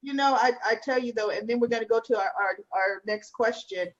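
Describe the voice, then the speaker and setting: A woman in her fifties co-hosting a live stream, asking her guest questions in a measured way. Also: on the high side, muffled recording, a crowd in the background. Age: 50s. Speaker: co-host. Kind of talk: interview chat.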